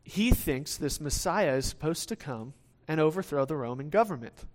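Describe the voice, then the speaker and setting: A man's voice: on the high side, normal speed. A man preaching a sermon in a conversational way, often restarting phrases and checking in with the listeners with "right?". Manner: acts out the quoted lines of the disciples in lively voices.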